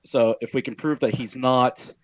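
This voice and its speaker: A man's voice: mid-range voice, steady tone, moderate pace, no room sound, dull audio. A man playing a tabletop game over online voice chat, steering the group's plan with many filler words. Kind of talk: casual planning talk at the game table.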